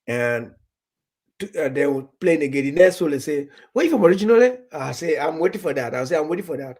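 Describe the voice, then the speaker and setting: A man from Nigeria with a slightly high, husky voice talks in a loose, rambling way. He restarts and repeats words, and he acts out little conversations as he goes. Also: a little fast, darkish tone. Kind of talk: casual chat.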